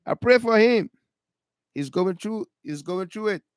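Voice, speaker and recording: Man, radio host, mocking monologue, high-pitched, dry sound. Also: animated, unhurried, clean tone, no room sound. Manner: mocking, laughing, repeats his questions. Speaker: radio talk show host. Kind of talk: political monologue.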